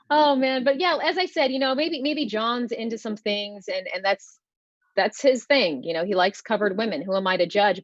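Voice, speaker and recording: A woman's voice: mid-range voice, no room sound. Wry woman doing stand-up over a dull line. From United States. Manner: wry, conversational storytelling with many fillers. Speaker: stand-up comedian guest. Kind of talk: stand-up comedy set.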